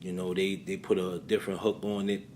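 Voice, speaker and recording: A man's voice: low-pitched, level tone, fairly quick, a little mellow, a little hiss or hum. A man hosting his channel, telling a story in loose casual commentary full of fillers. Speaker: channel host.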